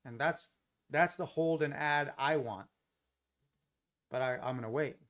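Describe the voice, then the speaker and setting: A man's voice: fairly high pitch, unhurried, fairly bright tone. American man chatting on a trading stream. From Los Angeles, USA. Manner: chatty, thinks aloud, talks to chat viewers. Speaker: live trading stream host. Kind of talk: casual live-stream commentary.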